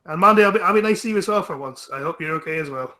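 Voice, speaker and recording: A man's voice: a little high, animated, rapid-fire, pushed and bright. A man co-hosting a casual live-stream chat over a voice call, teasing and stammering over his words. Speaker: co-host.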